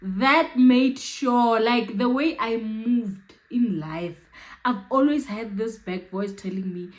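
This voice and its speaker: Young South African woman vlogger, chatty, laughs often, slow and somewhat high. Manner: chatty, laughs often, keeps checking in with viewers. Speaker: YouTuber. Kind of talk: storytime vlog.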